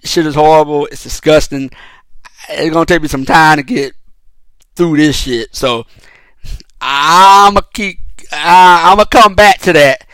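A man hosts a solo podcast in a raised, somewhat high voice, swearing freely and circling back over his own words. The sound is close and completely dry, with no room around it. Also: unhurried, long pauses, a bit bright, clear, resonant tone, dry recording. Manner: profane, heated and rambling, with frequent restarts. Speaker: podcast host. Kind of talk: casual solo podcast commentary.

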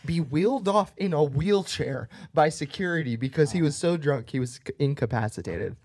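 A man co-hosting a podcast, animated and laughing often as he tells a story among friends. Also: on the high side, normal speed, no room sound. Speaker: podcast co-host. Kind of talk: casual chat, storytelling.

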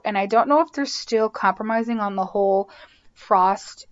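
A woman's voice: medium pitch, lo-fi sound. A woman hosting a podcast, casually recapping a TV episode, chatty and full of "like" and "um". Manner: chatty, lots of "like" and "um". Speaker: podcast host.

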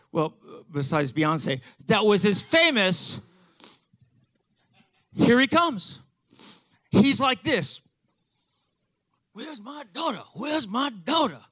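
A man in his fifties telling a comic story to an audience, excitable and profane, stumbling over restarts. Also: sits high, no room sound.

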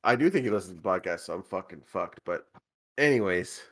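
A man with a fairly low voice, co-hosting a podcast while tipsy from drinking. He rambles through a long story, swearing freely and breaking into laughter. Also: animated, fast talker, fairly bright tone, slight background noise. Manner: rambling, profane, giggly storyteller. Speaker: podcast co-host. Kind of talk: casual storytelling chat.

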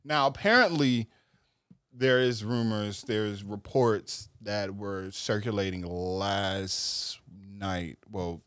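A man co-hosts a casual podcast, laying out points in a relaxed, explanatory way and laughing often. His voice sits a little low. The sound is dry and close. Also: takes it slowly, clean tone, no room sound. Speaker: podcast co-host. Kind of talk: casual chat.

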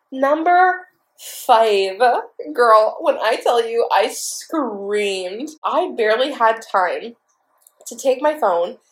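Excitable, profane young woman podcaster. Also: a little high. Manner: excitable, profane, breathless storytelling. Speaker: podcast host. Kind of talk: casual storytelling monologue.

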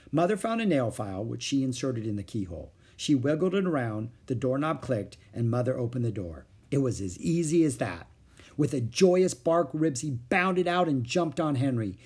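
A man reads a children's story aloud, expressive and animated. His voice is husky and his pitch swings widely through the narration. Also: moderate pace. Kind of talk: reading a children's book aloud.

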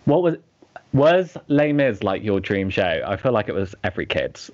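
An interviewer asking casual questions, enthusiastic, with quick affirmations. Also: sits low, sing-song, a little mellow. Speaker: interviewer, host. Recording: dull lo-fi sound.

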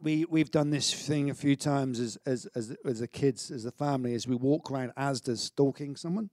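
A middle-aged man preaching a sermon in an energetic, conversational way, with stammered restarts and self-mocking humour. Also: medium pitch, normal speed, no room sound, clean studio sound. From Wales. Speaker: pastor.

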